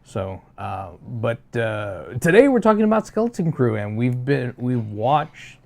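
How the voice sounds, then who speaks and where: Gravelly-voiced man chatting casually. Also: mid-range voice, very animated, unhurried, a little mellow. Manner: upbeat and chatty, with many fillers. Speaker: podcast co-host. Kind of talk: casual chat.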